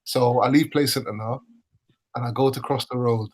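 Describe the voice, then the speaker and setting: A man's voice: medium pitch, steady tone, normal speed, breathy edge, poor audio. A man telling a childhood story in casual slang, with many fillers. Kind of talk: casual chat.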